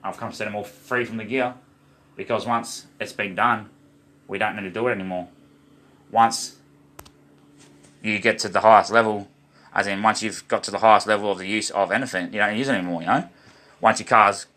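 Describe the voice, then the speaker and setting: Rambling, preachy Australian man, low voice. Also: a little fast, pauses often, bright, forceful tone. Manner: preachy, loose, addresses viewers as guys. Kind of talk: rambling monologue to viewers.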